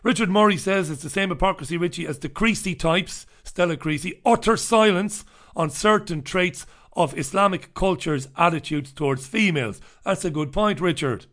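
Guy on a livestream reading the papers and chat, kinda high voice, sarcastic, repeats himself a lot. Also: normal speed, a bit bright. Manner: sardonic, wry asides and scoffing; loose, rambling delivery with repetitions. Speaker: livestream host reviewing newspapers and viewer comments. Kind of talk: casual live commentary.

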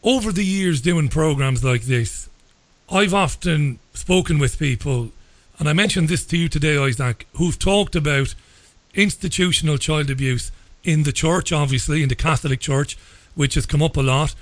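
A middle-aged Irish man hosts a radio interview, his measured, deliberate voice sitting a bit high for a man. He frequently restarts sentences while working toward a point. The sound is dry and close, with no room sound at all.

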